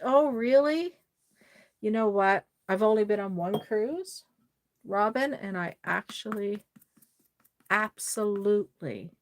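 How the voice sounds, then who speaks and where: A woman with a Cape Breton Maritime Canadian accent, hosting a casual livestream and chatting effusively with viewers while she works. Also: medium pitch. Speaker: doll-making livestream host.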